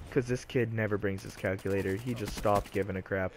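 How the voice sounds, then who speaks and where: A man's voice: lowish voice, steady tone, normal speed, long pauses, a little mellow, a little hiss or hum. A teenage boy casually telling a storytime vlog in a loose, chatty way full of fillers. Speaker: vlogger, storyteller.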